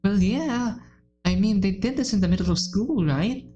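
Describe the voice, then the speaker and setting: A woman's voice: medium pitch, normal speed, muffled recording, music in the background, pitched above the performer's own voice, lightly acted. A woman voicing a blunt, fiery, protective small teenage girl in a visual novel game. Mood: concerned. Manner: brash, protective.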